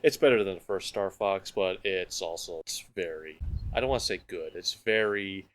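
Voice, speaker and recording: Low-voiced man, relaxed and rambling. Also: moderate pace. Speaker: podcast co-host. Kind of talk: casual podcast chat.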